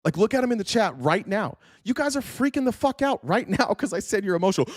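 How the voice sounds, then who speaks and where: High-voiced man hosting a reaction stream: sarcastic, profane, dry close sound. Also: big pitch swings, fast talker, few pauses, no echo. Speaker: host.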